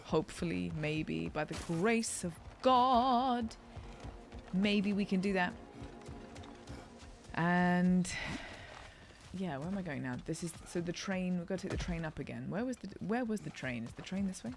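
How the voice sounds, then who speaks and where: Woman gamer, casual play-along commentary, talks her thoughts out loud, self-deprecating. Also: lowish voice, lively intonation, a little slow, soft background music. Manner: chatty, thinks aloud, self-deprecating. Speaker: gaming streamer.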